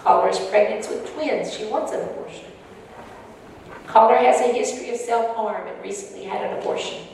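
Woman sharing her testimony, earnest and emotional, kinda raspy fry, far from the mic. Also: on the high side, fairly quick, a little mellow. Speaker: speaker sharing personal testimony. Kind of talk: personal testimony talk to an audience. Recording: echoey hall from far off, faint noise.

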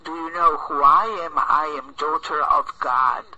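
A man's voice: on the high side, fairly even intonation, measured pace, bright, forceful tone, highs cut off. A man preaching a sermon voices a servant woman who firmly defends herself against a false accusation. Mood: defiant. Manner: firm, defiant. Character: wronged servant woman standing her ground.

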